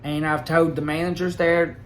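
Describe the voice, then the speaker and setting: A man recounting his experience in a rambling, aggrieved way, halting with fillers. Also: fairly high pitch, level tone, a bit bright, slight background noise. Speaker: vlogger. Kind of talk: casual personal storytelling.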